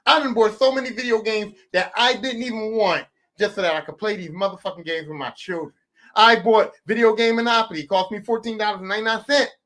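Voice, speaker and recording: A man in his forties hosting a podcast, telling a profane, animated comic rant that swings from loud bursts to low mutters. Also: fast talker. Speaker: podcast host. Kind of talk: casual comedic rant.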